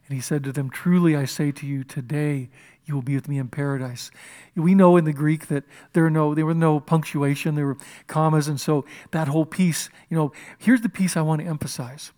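Male pastor preaching, fairly high voice; impassioned delivery that swings between loud emphasis and near-whispers. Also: fairly even intonation, brisk. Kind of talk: sermon. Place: church.

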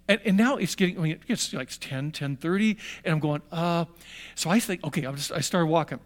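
A man's voice: fairly high pitch, a little fast. An older man telling a personal story to young listeners, acting out the voices of people in it. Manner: animated, acts out voices in his story. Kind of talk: storytelling talk.

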